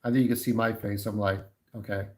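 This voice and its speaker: A man's voice: lowish voice, flat delivery, quick pace, a little mellow, low-quality recording. A man in his forties chatting casually on a livestream, candid and opinionated, talking straight to his viewers. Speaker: YouTube livestreamer.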